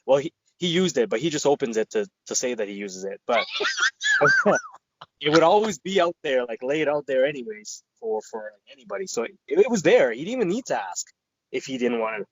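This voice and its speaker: A man's voice: mid-range voice, wildly swooping pitch, fairly quick, husky, dry recording, rough recording. A man co-hosting a podcast, telling a rambling, profane story and acting out his friends' lines. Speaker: podcast co-host. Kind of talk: casual storytelling chat.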